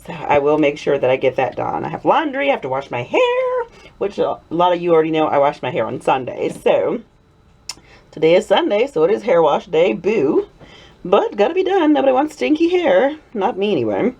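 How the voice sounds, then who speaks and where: A middle-aged woman talks her way through a batch of soap at home, giggling and wandering off into asides. Her voice sits low and sounds husky, yet it swings widely in pitch, and now and then she slips into a playful Southern drawl. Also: brisk, highs cut off. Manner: chatty, giggly, rambling asides; drifts into a playful Southern drawl when excited. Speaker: soap-making video host. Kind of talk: casual chat while crafting. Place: home workshop.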